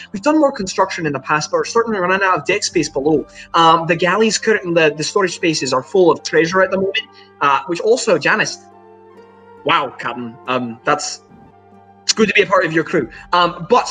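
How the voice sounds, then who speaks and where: Brief: a big-hearted, loud-welcoming sailor played by a man, faint music behind. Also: high-pitched. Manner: boisterous, hospitable. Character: hearty, welcoming male ship crewman.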